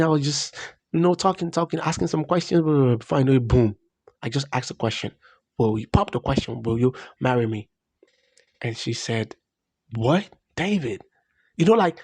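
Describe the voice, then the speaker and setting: A man's voice: fairly high pitch, dry recording. A young man, earnestly telling a personal story in a vlog. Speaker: vlogger.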